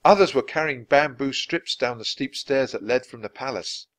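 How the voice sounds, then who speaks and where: A man narrating a children's storybook aloud, expressive and switching voices for each character. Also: mid-range voice, moderate pace. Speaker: audiobook reader.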